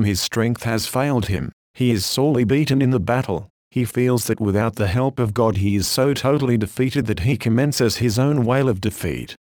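A man reading an old sermon aloud in a steady, solemn, declamatory way. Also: mid-range voice, normal speed, hardly any pauses, no echo, studio quality. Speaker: preacher.

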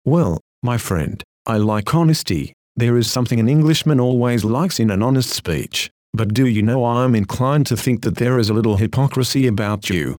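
A man reading an old-fashioned sermon in an earnest, exhorting manner, slowing down for emphatic phrases. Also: medium pitch, a little mellow, dry recording, clean studio sound. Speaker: preacher. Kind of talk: read Victorian sermon.

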